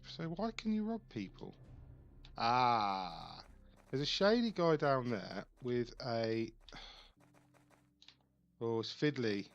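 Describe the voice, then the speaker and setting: A man's voice: medium pitch, very animated, takes it slowly, vocal fry, long pauses, muffled recording. A man giving casual let's play commentary, thinking aloud and reading on-screen text with puzzled asides.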